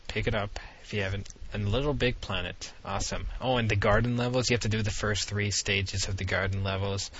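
Bright-toned young guy chatting about games. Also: lowish voice, steady tone, a little fast, hardly any pauses, dull audio, slight background noise. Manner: rambling, laid-back gamer talk. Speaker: gamer co-host. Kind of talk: casual chat.

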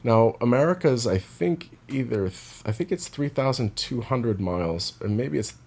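A man's voice: medium pitch, expressive, moderate pace, a little mellow, breathy edge. A man telling a story in a casual, reflective monologue, rambling with many restarts and repeated words.

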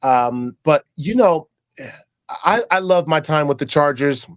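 A man with a slightly high voice tells stories in a casual interview, acting out the lines of the people he quotes and restarting his sentences. He is a former pro football player turned broadcaster. His voice sounds dry and close. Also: a little slow, clean tone, dry recording. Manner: animated storyteller who acts out quoted dialogue, with frequent restarts.

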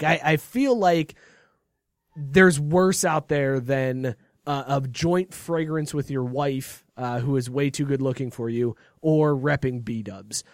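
A man with a notably high speaking voice hosts a casual sports podcast, spinning jokey stories and laughing along. The sound is dry and close, with almost no room around it. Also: dry recording. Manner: joking, animated storytelling with frequent laughs. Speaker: podcast host.

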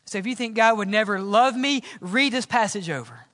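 A man's voice: high-pitched, expressive, brisk, fairly bright tone. A man preaching a sermon in a church, earnest and conversational, asking the congregation rhetorical questions. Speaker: pastor. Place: church sanctuary. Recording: long church reverb.

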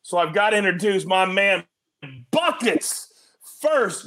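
High, lively man hosting with energy. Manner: animated, joking, quick to tease guests. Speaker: host of a sports betting show.

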